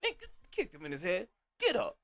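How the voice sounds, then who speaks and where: A man hosting a podcast, reviewing a wrestling show in an animated, exasperated rant full of slang. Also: high voice, normal speed. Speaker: podcast host.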